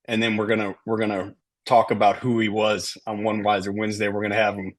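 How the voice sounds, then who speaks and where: A man's voice: lowish voice, little pitch movement, quick pace. Emphatic middle-aged male sales trainer. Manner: emphatic, keeps checking in with "right?". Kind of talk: sales training talk to a team.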